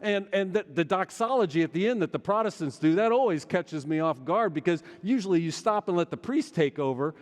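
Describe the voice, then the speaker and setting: A middle-aged male pastor preaching a sermon, swinging between loud urgency and hushed intensity. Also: high-pitched, lively intonation, a little fast, hardly any pauses. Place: large church sanctuary. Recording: long church hall reverb.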